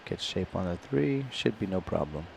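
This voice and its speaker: A man from Singapore giving live pool commentary in a relaxed, chatty way, explaining each shot in detail. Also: sits low, normal speed, creaky, background noise.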